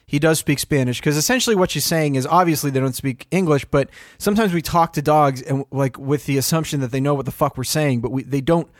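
A man's voice: on the high side, quick pace, hardly any pauses, no echo, studio quality. A man in casual podcast chat, telling rambling stories full of swearing. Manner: rambling, profane, animated storytelling.

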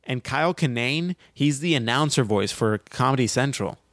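A young man in his twenties rambles through casual podcast banter, hesitant and easily amused, at a mid pitch. The sound is close and dry. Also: expressive, normal speed, fairly bright tone, dry recording. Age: 20s. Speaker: podcast co-host.

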